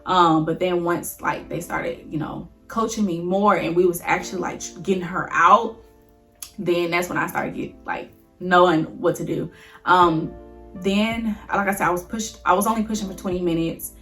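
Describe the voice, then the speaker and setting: A young woman talks straight to her viewers in a relaxed, chatty storytelling style, her voice a little low for a woman. She gets emotional easily and keeps calling her audience y'all. Faint music plays softly underneath. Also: moderate pace. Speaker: vlogger. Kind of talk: casual storytelling to camera.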